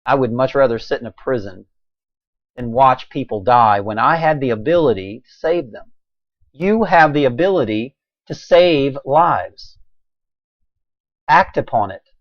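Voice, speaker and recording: A man delivering a preachy, impassioned monologue, swinging between a raised voice and quiet intensity. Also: medium pitch, lively intonation, measured pace, pauses often, no echo, muffled recording. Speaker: video blogger.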